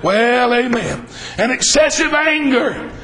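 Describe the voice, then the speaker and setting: A man preaching a fervent sermon, his voice pitched strikingly high for a man. He presses each point hard and bursts into shouts. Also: animated, takes it slowly, low-quality recording.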